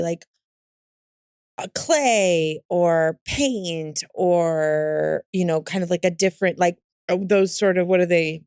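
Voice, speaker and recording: A woman's voice: lowish voice, a little mellow, dry recording, studio quality. A woman in her thirties co-hosting a podcast, telling stories in a chatty way and laughing often. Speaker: podcast co-host. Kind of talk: casual chat.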